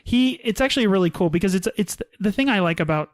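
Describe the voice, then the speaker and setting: Fast-talking animated man, dry sound. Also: high-pitched, no echo. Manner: animated storyteller, fast, restarts sentences. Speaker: podcast co-host. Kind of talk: casual chat.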